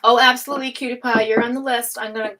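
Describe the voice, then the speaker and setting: A woman hosting a live tarot stream, chatting casually with viewers, laughing often and speaking of energy and higher self. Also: fairly even intonation, racing, bright, forceful tone, rough recording. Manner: chatty, reads out chat names and laughs often.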